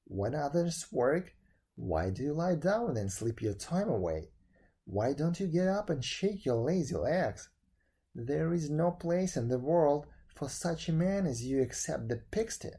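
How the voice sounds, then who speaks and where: A man's voice: fairly high pitch, big pitch swings, a little slow, dark tone, breathy edge, exaggerated voice. A man doing a teasing, scolding fairy elder.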